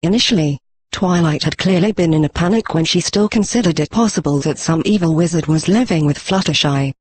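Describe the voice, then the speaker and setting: Husky synthetic male narrator. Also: fairly high pitch, brisk. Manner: even, machine-read delivery.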